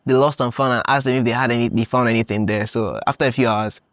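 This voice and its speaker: A young man from Nigeria hosting a podcast, telling stories in a casual, animated way, laughing often and acting out his own past thoughts. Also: mid-range voice, fast, no echo, studio quality. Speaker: podcast host. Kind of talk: casual storytelling monologue.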